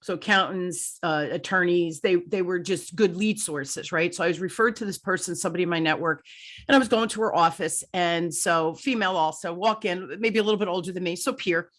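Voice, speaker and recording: A woman's voice: fairly low pitch, a little fast, a bit bright. Middle-aged lady hosting, chatty and emphatic, swapping stories with her guest. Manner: chatty, emphatic anecdote teller. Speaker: podcast host. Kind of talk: conversational interview.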